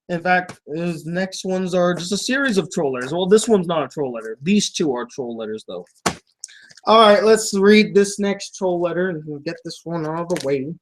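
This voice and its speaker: A man's voice: a little high, a bit bright, slight background noise. A man hosting a casual vlog, reading out fan mail in a sarcastic, laughing way.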